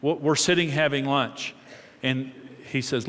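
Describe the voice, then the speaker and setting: A man's voice: medium pitch, fairly even intonation, measured pace, fairly bright tone, slight background noise. A middle-aged man giving a conversational marriage talk to an audience, often repeating words and telling anecdotes. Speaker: marriage teacher. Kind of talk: teaching talk to a live audience. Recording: long reverb of a large hall.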